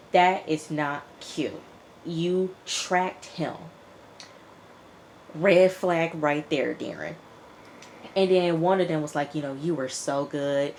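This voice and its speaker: A woman casually recapping a TV episode, chatty and animated, acting out the characters' lines as she tells it. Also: lowish voice, a little hiss or hum. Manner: chatty, animated retelling with quoted dialogue. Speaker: TV show reviewer.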